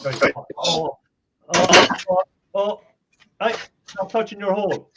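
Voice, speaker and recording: A man's voice: high-pitched, a little slow. A man co-hosting a casual livestream chat, teasing and laughing often as he reads out viewer questions. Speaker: co-host reading viewer comments. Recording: dull lo-fi sound with steady noise.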